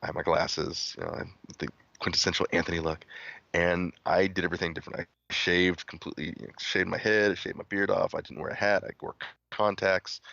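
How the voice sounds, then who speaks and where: A man guest telling stories in casual chat, animated when he imitates other people. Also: low voice, gravelly, no room sound, dull audio. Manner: laid-back storytelling with animated quoted voices. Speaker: guest, former contestant.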